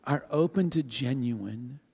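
A male pastor giving a sermon to his congregation in a conversational, animated way, with frequent restarts. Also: mid-range voice, slow, creaky, husky. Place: church sanctuary with a live congregation. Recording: long hall reverb.

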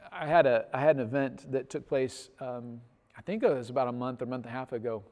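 Animated male pastor in a reverberant hall. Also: mid-range voice, fast talker. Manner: animated storytelling, swells loud on punchlines, drops soft at ends. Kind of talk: sermon.

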